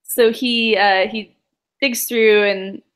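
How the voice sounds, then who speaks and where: A woman's voice: mid-range voice, steady tone, slow pace, fairly bright tone. Rambling woman game master. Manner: rambling, many fillers and laughs. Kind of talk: casual game narration.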